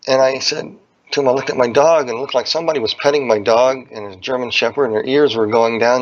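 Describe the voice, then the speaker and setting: A man telling a personal religious testimony in an earnest, plain-spoken way, often repeating phrases for emphasis. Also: mid-range voice. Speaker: speaker giving a testimony. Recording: dull lo-fi recording.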